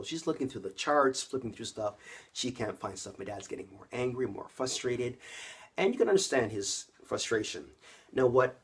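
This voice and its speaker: Addressing his viewers directly, a Canadian vlogger of around 50 shares a personal story to camera in a conversational way. He speaks at normal speed in a mid-range, slightly bright, husky voice with lively intonation.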